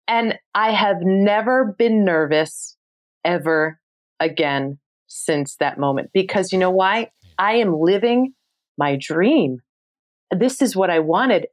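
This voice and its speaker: A woman from New York City in her thirties, guesting on a podcast. She tells her story with lively expression, swears casually and puts on her own past voice in quotes, at a middle pitch. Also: unhurried. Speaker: podcast guest, travel show host. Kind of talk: animated storytelling.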